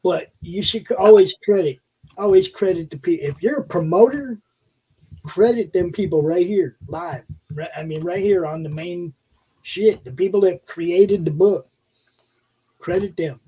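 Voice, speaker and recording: A man's voice: sits high, a little slow, dark tone, husky, low-quality recording. A man co-hosting a casual livestream chat, rambling and offhand and swearing casually as he looks over new comics. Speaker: co-host.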